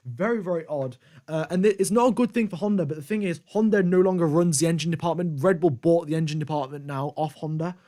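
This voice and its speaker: A man with a slightly high voice hosts a live race stream. He rambles in a casual, conversational way as he reacts to the results and chats with viewers. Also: fast talker, mellow.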